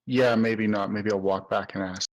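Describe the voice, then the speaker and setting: Low-voiced man playing a tabletop game. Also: steady tone, moderate pace, low-quality recording. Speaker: player. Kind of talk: casual tabletop play.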